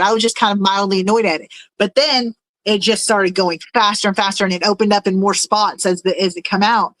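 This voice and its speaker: A woman talking casually on a livestream from her home, wandering from one thought to the next and laughing often. Her voice sits at an ordinary middle pitch. The sound is dry and close, with no room echo. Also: steady tone, brisk, a bit bright. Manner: rambling and chatty, with frequent fillers and laughs. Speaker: livestream host reading chat. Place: at home in a room with fish tanks.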